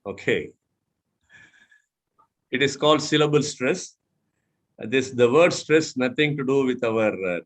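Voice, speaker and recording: A man from India mentoring a club audience on syllable stress, who spells out letters, repeats words and asks the room questions. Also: on the low side. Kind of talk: instructional talk.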